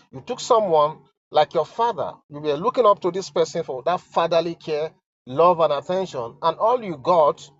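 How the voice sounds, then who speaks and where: A Nigerian man giving emotional, halting commentary while reading a letter aloud, stammering and sighing as he repeats himself. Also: a little high, lo-fi sound. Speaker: online commentator.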